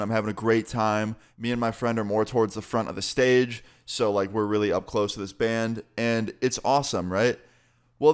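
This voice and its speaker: A man's voice: on the low side, clear, resonant tone. A man telling a story casually as a vlogger, swearing freely in a laid-back way.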